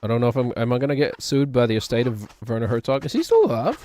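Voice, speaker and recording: A man's voice: medium pitch, big pitch swings, fast, dark tone. A man chatting casually on a game stream, rambling and poking fun at himself. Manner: rambling, self-mocking, laughs often. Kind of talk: casual live-stream chat.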